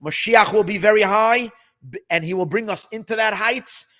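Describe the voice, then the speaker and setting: A man teaching a Hasidic text as a rabbi, excitable and emphatic, repeating phrases and mixing in Hebrew terms. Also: high voice, moderate pace. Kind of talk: animated Torah class. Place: study hall.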